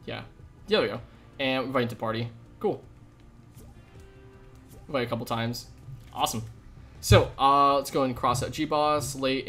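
A man's voice: mid-range voice, fairly bright tone. A man live-streaming a video game, chatting casually with viewers in an upbeat, slangy way into a desk microphone. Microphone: desk USB microphone.

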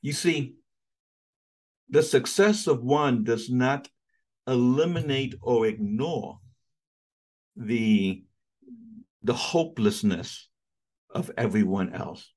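Impassioned slow-speaking lecturing man. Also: animated. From United States. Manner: impassioned, wide swings in pitch and loudness, repeats words as he searches. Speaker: theologian giving a lecture. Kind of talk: sermon-like lecture.

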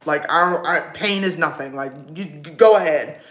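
A woman's voice: deep voice, normal speed. A young woman chatting casually on a get-ready-with-me livestream, rambling with lots of fillers and answering her chat. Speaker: livestream vlogger. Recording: echoey room.

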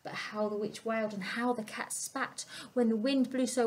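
A woman storyteller reading a picture book aloud to young children, expressive and asking them questions. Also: on the high side, moderate pace. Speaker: family centre storyteller.

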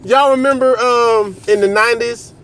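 A man's voice: very high voice, steady tone, normal speed, fairly bright tone. A man, talking casually to his viewers in a loose, joking way, repeating himself and laughing often. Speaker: vlogger. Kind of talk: casual direct-to-camera monologue.

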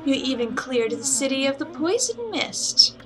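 A woman's voice: sits high, big pitch swings, unhurried, pitched above the performer's own voice, poor audio. A woman voicing a sly, gloating evil fox spirit in a video game. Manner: gloating, scheming. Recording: game music behind voice.

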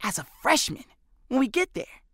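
A man voicing an excited, pleading middle school boy teammate in an audiobook. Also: very high-pitched, moderate pace, no room sound, studio quality, voice pushed up, full character voice. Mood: eager.

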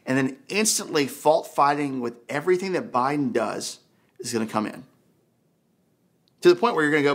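A pastor preaching a sermon in an animated, conversational way, full of rhetorical questions. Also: male voice, medium pitch, a little fast, creaky, long pauses, husky. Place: church.

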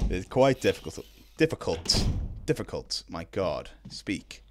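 Young man, low and very lively, streaming a game with lots of swearing; faint noise under the mic. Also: slow pace. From Ireland. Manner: swears a lot, bursts into loud excited shouts. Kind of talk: live gaming commentary.

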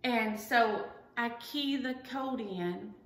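A woman's voice: fairly high pitch, takes it slowly, a bit bright. A middle-aged woman, chatting to viewers at home in a rambling, self-deprecating way. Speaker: cross-stitch vlogger. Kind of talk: casual chat to viewers. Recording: echoey room.

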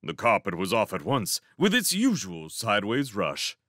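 A man reading a storybook aloud as narrator, with a measured, expressive storytelling manner. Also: fairly low pitch, no echo, clean studio sound. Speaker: reader. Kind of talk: audiobook narration.

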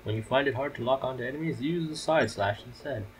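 A man's voice: medium pitch, fast talker, a little hiss or hum, voice pushed up, lightly acted. A man voicing an old male sword master in a video game, patient and teacherly. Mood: instructive.

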